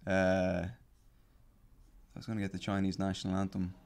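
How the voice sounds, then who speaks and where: A man's voice: deep voice, monotone, unhurried, creaky, a little mellow. A man on a casual podcast chat, telling a long story in a rambling, profane way full of fillers and restarts. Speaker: podcast guest telling stories.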